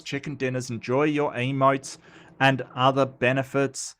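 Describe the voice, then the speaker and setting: A man hosting a casual livestream commentary, rambling and joking, his voice a little rough from a cold. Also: mid-range voice, little pitch movement, measured pace, fairly bright tone. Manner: rambling, joking, repeats himself and stumbles. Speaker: host of a commentary channel.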